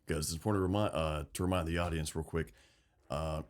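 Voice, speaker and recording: Male podcast co-host, very low voice, casual and profane. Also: quick pace. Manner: animated, swearing, acts out quotes. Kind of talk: casual lore chat.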